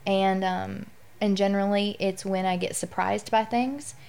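Gravelly woman telling a personal story. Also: mid-range voice, fairly even intonation, a little slow, a little mellow. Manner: candid, emotional storytelling. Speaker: guest. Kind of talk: conversational interview.

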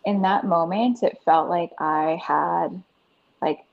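A woman in her thirties, a podcast guest, telling her story in an earnest, animated way with lots of "like". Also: lowish voice, slow, gravelly. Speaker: podcast guest, breathwork facilitator. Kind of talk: casual interview storytelling. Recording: dull lo-fi sound.

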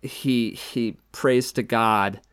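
Animated man guest on a podcast. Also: mid-range voice, extremely slow, clean tone, dry recording, clean studio sound. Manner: animated, laughing, jumps into quoting scenes. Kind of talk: casual chat about horror films.

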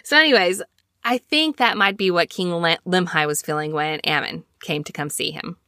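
Woman, 30s, from Alabama; chatty scripture-lesson host, bright tone, dry close sound, rambling storyteller. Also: lowish voice, normal speed, dry recording. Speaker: scripture study podcast host.

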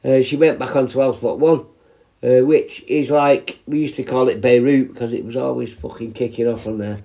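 Man in his 50s, rambling sweary storytelling, dark relaxed voice. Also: mid-range voice, moderate pace, creaky. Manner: rambling and sweary, with many restarts. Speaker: prison healthcare worker telling stories. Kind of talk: casual storytelling.

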